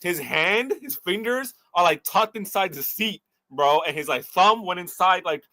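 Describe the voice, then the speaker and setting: A man's voice: high voice, moderate pace, dry recording. A man co-hosting a podcast, chatting casually and telling stories, often saying "bro". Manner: relaxed storytelling, frequent "bro". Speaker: podcast co-host. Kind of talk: casual chat.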